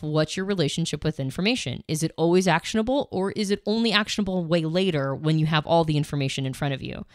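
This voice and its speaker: A woman's voice: fairly low pitch, no echo, clean studio sound. A woman co-hosting a podcast, explaining ideas conversationally with some fillers and restarts. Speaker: podcast co-host.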